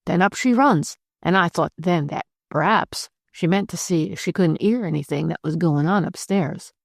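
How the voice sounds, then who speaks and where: A chattering Victorian cook , read by a woman, tumbles out her story in rambling servant's talk. The voice sits fairly low. The sound is close and dry. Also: moderate pace, vocal fry, no room sound. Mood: voluble. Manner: voluble, rambling working-class speech.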